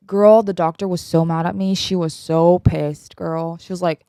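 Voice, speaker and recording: A woman's voice: lowish voice, fairly even intonation, unhurried, warm tone, clear, resonant tone, no echo, clean studio sound. A woman in her twenties hosting a podcast, talking candidly and emotionally about her own life in a rambling way with many fillers. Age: 20s. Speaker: podcast host. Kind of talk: candid personal chat.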